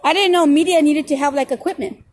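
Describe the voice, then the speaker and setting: A woman on a city street talking to her viewers as she films, sarcastic and ready to argue, with sharp rises in volume when she pushes back. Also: high voice, quick pace. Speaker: filming auditor. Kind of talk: running commentary to viewers while filming.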